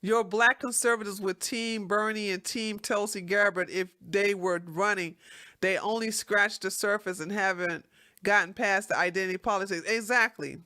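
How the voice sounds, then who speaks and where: This livestream host, a woman, speaks at medium pitch with a steady tone and normal speed, sounding bright and forceful. Her rant is blunt, heated, and full of swearing, interrupted as she reads viewer comments aloud.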